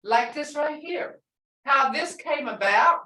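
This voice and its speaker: A language teacher, a woman, works through a lesson slowly, explaining words with patience and repeating phrases. Her high voice has lively intonation and a bright, forceful tone, and it comes from far away in a reverberant room.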